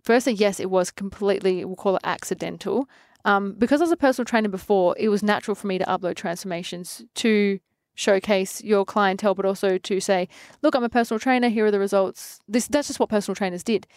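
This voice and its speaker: A woman in her twenties from Adelaide with an Australian accent, a fitness trainer telling lively stories in an interview, acting out quotes and laughing often. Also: mid-range voice, fast talker, hardly any pauses, dry recording, clean studio sound. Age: 20s. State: pregnant. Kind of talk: casual interview.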